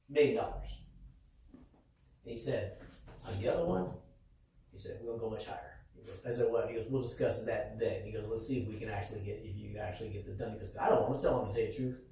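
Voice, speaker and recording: A man's voice: mid-range voice, distant mic. A man tells a casual story about his card shop, acting out the other person's lines. His voice sits in the middle of the usual male range. The room is strongly echoey, the mic is some way off, and there is faint noise in the background. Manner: animated, acts out quoted dialogue. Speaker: sports card dealer and show host.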